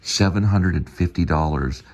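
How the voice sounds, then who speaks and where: A man's voice: low voice, moderate pace. A man hosting a casual home video, lecturing and drilling the same words over and over. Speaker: show host.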